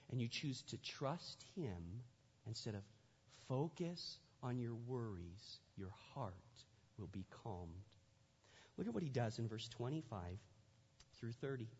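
A man's voice: on the high side, a little mellow, breathy edge. A male pastor delivering a sermon in a conversational way, repeating his phrases for emphasis, recorded in a church sanctuary. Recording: echoey hall, dull lo-fi sound.

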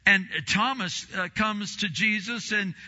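Bright, animated male preacher. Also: a little slow, highs cut off. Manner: animated preaching, acts out quoted voices with big swings in pitch and volume. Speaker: pastor. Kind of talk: sermon.

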